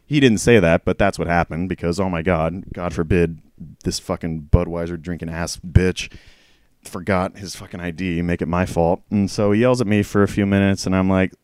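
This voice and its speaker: A man with a low, resonant voice telling a story in a casual storytime rant. He swears freely and sounds exasperated as he rambles from one point to the next. The recording is dry and close, with no room sound. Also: fairly even intonation, normal speed, darkish tone, clear, resonant tone, no echo. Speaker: former pharmacy store clerk telling a work story.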